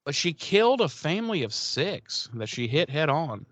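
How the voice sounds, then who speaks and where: A man's voice: a little high, big pitch swings, normal speed, a bit bright, dry recording. A man casually recapping a TV episode on a podcast, rambling, swearing and acting out the characters' lines. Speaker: podcast co-host.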